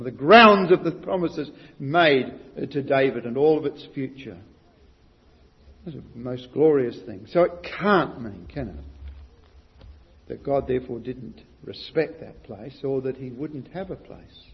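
Emphatic preacher in a reverberant hall. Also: male voice, mid-range voice, lively intonation, unhurried. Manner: rises to loud emphatic stresses, asks the listeners questions. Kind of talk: sermon. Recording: muffled recording with long hall reverb.

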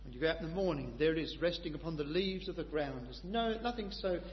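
A man preaching a sermon with passion, moving between quiet reflection and loud, emphatic declarations. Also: fairly high pitch, fast. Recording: lo-fi recording in a reverberant hall, faint hum.

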